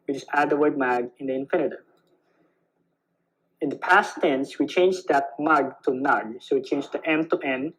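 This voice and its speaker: A man's voice: on the high side, low-quality recording. A young man giving an online language lesson, patient and repetitive, checking in with "right?" as he explains. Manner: patient, repeats key words with "right?". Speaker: language teacher.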